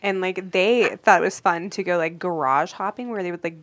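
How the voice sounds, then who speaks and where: A woman's voice: lowish voice, fairly quick. A woman co-hosting a casual podcast, teasing and questioning the others. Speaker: podcast co-host.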